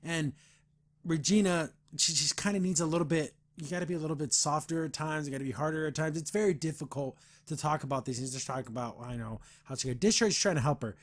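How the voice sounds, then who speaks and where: Male podcast host, slightly high pitch, earnest rambling comic review delivery. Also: fast. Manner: earnest and rambling, frequent restarts and fillers; gets heated about the veterans system. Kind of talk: casual comic review chat.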